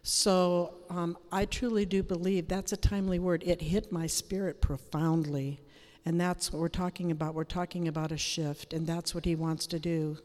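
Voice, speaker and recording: A woman sharing earnestly at a prayer meeting and pausing often on ums. Her voice sits on the low side. The room adds a long, echoing reverb. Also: level tone, darkish tone. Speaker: prayer group member.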